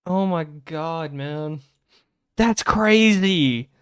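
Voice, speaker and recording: A young man streaming live, chatting excitably and rambling about game lore. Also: fairly high pitch, smooth, no room sound, clean studio sound. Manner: excitable, rambling, quick bursts of laughter.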